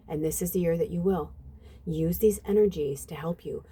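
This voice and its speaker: A woman in her fifties with a low, mellow voice, talking through a tarot reading to camera. She chats loosely with the viewers, calling them "you guys" and letting the odd swear word slip. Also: normal speed, breathy edge. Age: 50s. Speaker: psychic medium and tarot reader. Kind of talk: casual channeled reading to camera.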